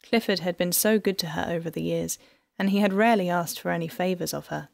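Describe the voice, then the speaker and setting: A woman narrating an audiobook in an even, measured storytelling manner. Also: lowish voice, vocal fry, dry recording, studio quality. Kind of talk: scripted narration.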